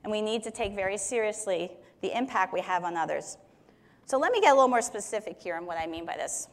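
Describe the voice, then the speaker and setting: A woman Bible teacher talks fast and expressively at a medium pitch. She teaches Scripture conversationally, explaining verses through everyday examples.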